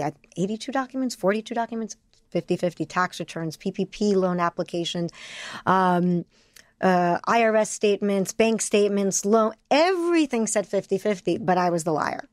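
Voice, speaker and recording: A woman giving a candid interview, speaking emotionally in rapid bursts with frequent restarts. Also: on the low side, darkish tone, no echo. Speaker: interview guest.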